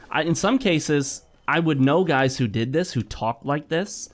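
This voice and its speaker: A man's voice: a little high, expressive, unhurried, hardly any pauses. A middle-aged man giving blunt, opinionated commentary while playing a game, lecturing and repeating himself. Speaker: gaming commentator. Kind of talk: opinionated commentary over gameplay.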